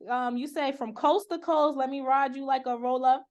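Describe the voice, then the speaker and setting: Relaxed woman interviewer, fairly high voice. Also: highs cut off. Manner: relaxed, laughs along, quick affirming fillers. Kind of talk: casual interview questions.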